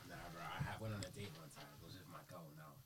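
A man telling an embarrassing story in hushed, slangy casual chat. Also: sits low, fast talker, background noise. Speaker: podcast co-host.

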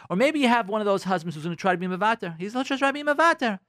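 A man's voice: high voice, animated, rapid-fire, bright, forceful tone, no echo, studio quality. A man giving marriage advice on a radio talk show, preaching with rhetorical questions and repetition. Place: radio studio.

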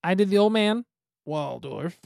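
A man's voice: high voice, lively intonation, unhurried, creaky, a little mellow, no echo, clean studio sound. A man co-hosting a podcast in casual chat, easygoing and self-deprecating, laughing often. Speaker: podcast co-host.

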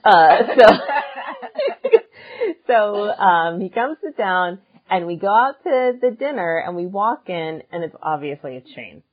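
A woman co-hosting a podcast, telling a funny story in casual chat, animated and laughing often. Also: medium pitch, slow, phone-quality sound. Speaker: podcast co-host and musician.

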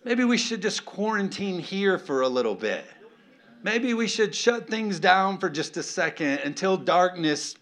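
A preacher voicing a bold, rallying Jesus. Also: male voice, sits high, sing-song, measured pace, a bit bright, pitched above the performer's own voice, heavily acted. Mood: hesitant. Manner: casual, rallying. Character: Jesus as a bold adult man urging his followers on.

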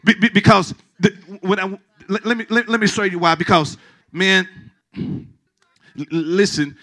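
Here a middle-aged man pastors his flock through a sermon at normal speed, his voice high-pitched. The delivery is lively and forceful, full of restarts, repeated words, and joking exchanges with the congregation.

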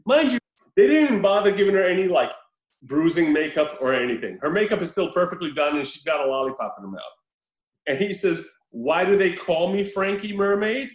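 A man in casual chat, retelling a film with animated, profane storytelling and acted-out lines. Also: fairly high pitch, quick pace, echoey room, poor audio.

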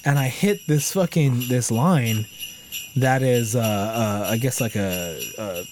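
A man's voice: medium pitch, slow pace. Profane storytelling man, noisy recording. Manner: animated, swears constantly, acts out quoted people. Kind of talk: casual chat, profane storytelling. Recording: noisy background hiss.

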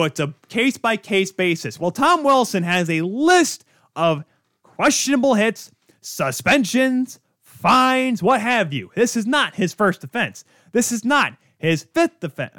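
A man's voice: high-pitched, a bit bright, no echo, studio quality. A man hosting a sports podcast, ranting in an exasperated, sarcastic way. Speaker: podcast host. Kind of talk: heated sports rant.

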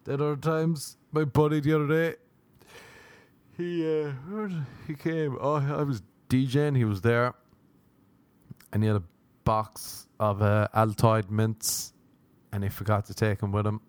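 Speaking at a normal speed with a slightly mellow voice, the Los Angeles-based Irish host rambles alone through his podcast monologue. It's comedic and profane, with plenty of self-mockery and sudden pitch jumps, and the recording is dry.

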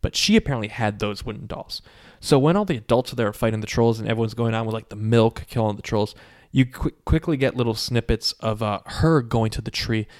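A man's voice: mid-range voice, fairly quick. A man casually retelling a movie plot, full of fillers, briefly putting on voices for characters. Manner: animated storytelling with many "like" fillers, acting out quotes. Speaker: podcast co-host recapping a movie. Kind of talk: casual chat.

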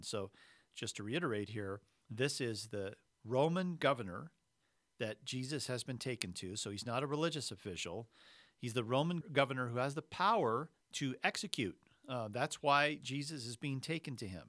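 Male preacher, middle pitch, measured, chatty sermon delivery with asides; close and dry. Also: animated, a bit bright, dry recording. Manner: conversational, measured, explanatory asides. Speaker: pastor. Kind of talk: sermon with scripture reading.

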